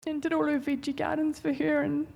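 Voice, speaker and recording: A woman's high-pitched, darkish voice, brisk and marked by vocal fry, barely moves in pitch as she delivers a heartfelt church testimony. The church speaker's sermon is informal, chatty, and rambling.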